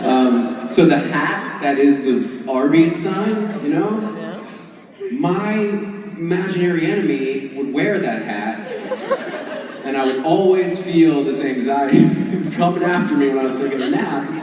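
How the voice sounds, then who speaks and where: Animated man telling stories in a hall. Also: on the high side, unhurried. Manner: animated, laughing often. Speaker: convention panelist. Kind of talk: comic storytelling to an audience. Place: large convention hall with audience. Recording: roomy hall, distant mic, crowd.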